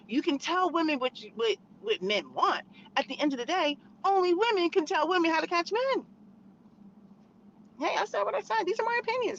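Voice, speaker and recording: A woman's voice: very high-pitched, a bit bright, lo-fi sound, slight background noise. A woman vlogger ranting casually from her car, emphatic and rambling, full of fillers. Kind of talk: casual opinion rant. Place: in a car in traffic.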